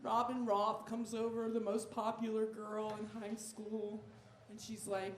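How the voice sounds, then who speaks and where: A woman doing a stand-up set on a club stage, cursing freely and swinging between loud rants and hushed asides. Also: mid-range voice, little pitch movement, a little slow, noisy background. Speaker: stand-up comedian. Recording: echoey club room.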